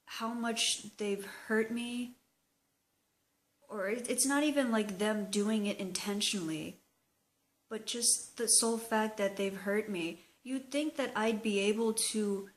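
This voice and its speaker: A young woman talking slowly and hesitantly in a personal video diary, open and emotional. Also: medium pitch. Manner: slow, hesitant, emotional confessional talk. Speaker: vlogger.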